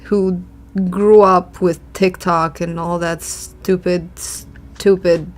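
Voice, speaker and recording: Woman vlogger, low voice, unhurried, chatty opinionated musing, soft music under. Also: little pitch movement. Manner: musing, opinionated, sighs and laughs often. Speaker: art vlogger. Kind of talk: casual chat while drawing. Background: faint background music.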